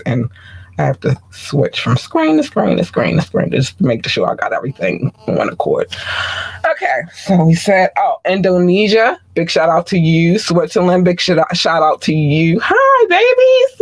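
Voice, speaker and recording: A man's voice: fairly high pitch, lively intonation, normal speed, dry recording, low-quality recording. Playful slangy male podcast host. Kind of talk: casual shout-outs to listeners. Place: room with several screens.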